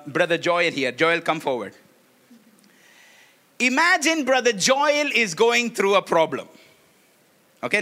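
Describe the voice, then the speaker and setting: A man's voice: on the high side, sharp tone. A man preaching a sermon to a congregation in a church, leading call-and-response and laughing often.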